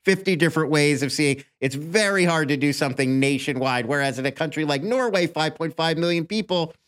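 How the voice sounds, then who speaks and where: Slightly high-voiced man reading facts. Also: a little fast, a bit bright. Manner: reads researched facts aloud, upbeat. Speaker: podcast co-host. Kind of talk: casual chat and live ad read.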